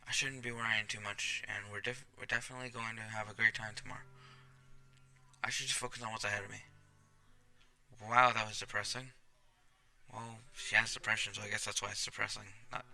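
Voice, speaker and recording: A man reading a visual novel aloud for his let's play, slipping into casual, offhand comments. His voice is very bright and forward, with faint game music underneath. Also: medium pitch, creaky, rough recording.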